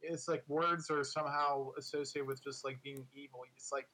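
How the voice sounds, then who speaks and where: A man's voice: mid-range voice, flat delivery, moderate pace, crowd noise, rough recording. A man co-hosting a podcast in casual political chat, rambling and full of filler words.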